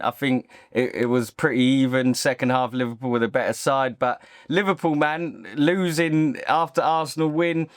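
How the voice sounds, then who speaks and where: A man's voice: a little high, clear, resonant tone, no echo, clean studio sound. A man hosting his own football channel, giving an opinionated, casual reaction monologue. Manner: opinionated, talks straight to camera.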